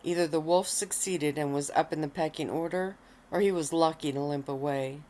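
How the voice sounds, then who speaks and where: Low-voiced woman reading her story softly. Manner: soft, unhurried and relaxed. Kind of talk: relaxed read-aloud storytelling. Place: at home, lying on a bed of pillows.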